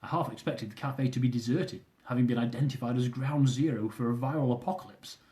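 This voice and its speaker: A young man reading from his own travel memoir with a dry, self-mocking wit. His voice is warm and mellow, sitting in an ordinary middle pitch for a man. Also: a little fast.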